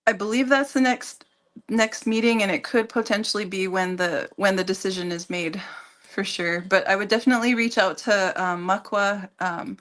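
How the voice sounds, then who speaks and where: A woman talking as a guest on a radio show in a casual, halting way, with many fillers and restarts. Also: medium pitch, steady tone, a bit bright. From Minnesota. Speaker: guest, community organization leader.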